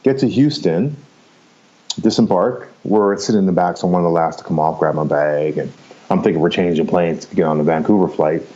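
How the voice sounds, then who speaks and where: A Canadian man in his fifties, appearing as a podcast guest, rambles casually through his own story and keeps checking in with "right?" and "you know." His low-pitched voice is brisk and dark in tone, and the recording sounds muffled.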